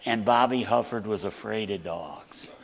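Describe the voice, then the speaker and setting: An older man, preaching as a guest speaker, tells a story and acts out the voices of its characters. His voice is low, gravelly and a little slow, and the recording has hall reverb.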